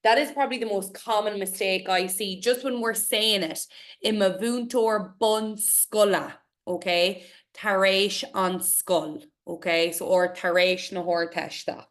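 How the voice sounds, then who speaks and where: A young Irish woman teaching a class and reading a poem aloud slowly and clearly. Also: medium pitch. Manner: encouraging, reassuring, models pronunciation slowly.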